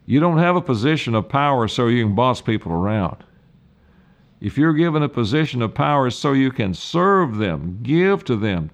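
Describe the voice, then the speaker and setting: A man's voice: mid-range voice, dull audio. Older male pastor preaching earnestly. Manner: earnest, deliberate preaching with slow emphatic stresses. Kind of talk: sermon.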